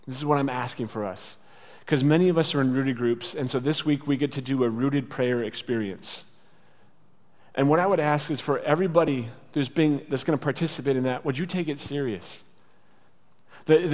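A man's voice: on the high side, darkish tone. A male pastor giving a conversational sermon, sometimes acting out little exchanges. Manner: conversational, with acted asides. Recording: church hall reverb.

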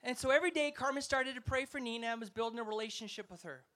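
With an extremely high, bright voice and a forceful tone, a man preaches fast at a festival as an evangelist. He rouses the crowd emphatically through stories.

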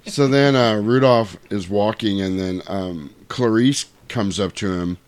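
A man's voice: on the low side, unhurried, clear, resonant tone, no echo. A man casually retelling a cartoon with crude, profane humor. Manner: profane, animated, lots of voices.

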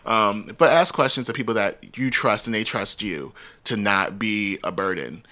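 Speaking at normal speed in a fairly low, pushed and bright voice, this man co-hosts a podcast. The talk is casual, with lively storytelling and frequent laughter.

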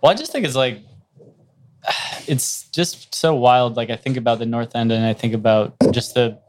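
A man's voice: mid-range voice, moderate pace, a little mellow. A man hosting a podcast, asking questions and musing in a loose conversational way. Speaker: podcast host. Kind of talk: casual interview.

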